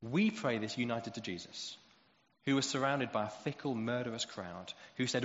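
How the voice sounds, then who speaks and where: A man preaching a sermon, animated as he acts out quoted voices. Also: medium pitch, brisk. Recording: roomy hall echo, dull lo-fi sound.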